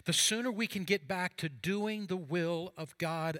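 Man preaching, high voice, bright tone, fervent then hushed, reads scripture dramatically. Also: a little slow, hardly any pauses, no room sound. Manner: preaching with rising fervor and hushed quiet passages. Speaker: pastor. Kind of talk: sermon.

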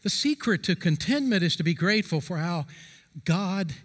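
A middle-aged man preaching a sermon as a pastor, earnest and emphatic, stretching key phrases slowly for stress. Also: high-pitched, animated, a bit bright, breathy edge, in a large hall.

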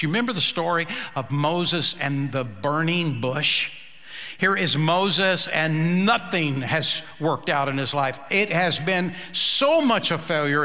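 A male pastor preaching a sermon, slow and emphatic, with dramatic pauses. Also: on the high side, pushed and bright, long reverb tail.

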